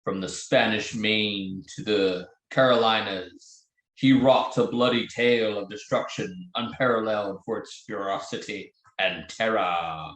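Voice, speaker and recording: Man doing a slow, dramatic pirate-tale narrator in an echoey room. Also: on the low side, fairly bright tone. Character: deep-voiced male narrator of a pirate tale.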